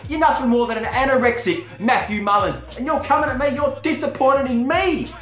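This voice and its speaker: A man's voice: very high-pitched, a little fast, fairly bright tone. A man who talks profanely, taunts his rival, and stutters now and then in a wrestling trash-talk promo. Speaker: wrestling character cutting a promo. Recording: roomy with faint music behind.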